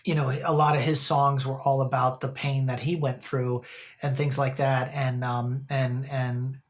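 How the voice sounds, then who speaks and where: A man's voice: mid-range voice, measured pace. A man giving a casual, rambling movie review, full of fillers and restarts, who acts out the characters' lines as he retells scenes. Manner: animated storytelling, quoting characters. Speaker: film reviewer.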